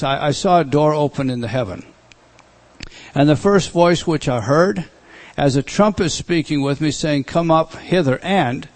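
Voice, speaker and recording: A middle-aged man teaching a Bible study, speaking slowly and deliberately and repeating words for emphasis. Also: a little high.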